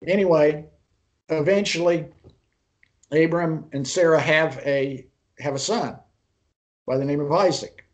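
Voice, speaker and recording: A man with a fairly high speaking voice leads an online Bible interpretation lesson. He retells the story at an easy pace, pausing and restarting his sentences, then turns to ask his students for their ideas. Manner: unhurried storytelling, pauses and restarts mid-sentence; poses questions to the class. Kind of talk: online class lecture.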